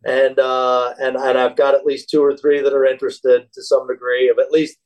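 Man, interview guest, casual, relaxed, hesitant. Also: medium pitch, moderate pace, rough recording. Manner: relaxed, hesitant, repeats words while thinking. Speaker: podcast guest, former special operations soldier.

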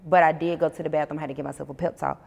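Woman guest, low gravelly voice, swears a lot, echoey reverb. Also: rapid-fire. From Georgia, USA. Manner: blunt, profane, animated storytelling. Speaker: musician guest. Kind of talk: casual interview chat. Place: on a porch outdoors.

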